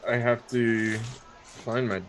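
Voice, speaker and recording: A man playing in a tabletop game, relaxed and casual. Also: medium pitch, slow, crowd noise, low-quality recording. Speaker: player. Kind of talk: casual tabletop role-play.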